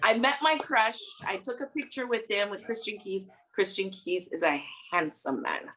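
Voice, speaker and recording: A woman guest tells her story with lively, dramatic flair in an easy interview chat. Her pitch sits in a middle range and her telling is loose and conversational. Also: normal speed. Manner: animated, dramatic retelling with frequent laughter. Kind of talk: casual storytelling.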